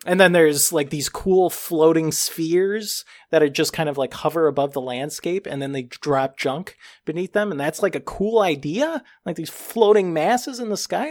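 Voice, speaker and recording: A man reviewing a video game in a casual podcast chat, animated and emphatic, with a joking tone. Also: a little high, normal speed, few pauses.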